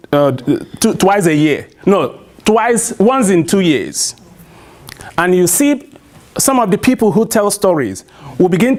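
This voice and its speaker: A man with a Nigerian accent telling a traditional story to a live audience, prompting them with call-and-response questions. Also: sits high.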